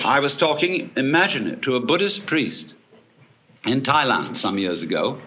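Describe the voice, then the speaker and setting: Animated, bright-voiced male lecturer. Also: mid-range voice, normal speed, slight background noise. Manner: animated, wry storytelling with swooping emphasis. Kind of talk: public lecture to an audience.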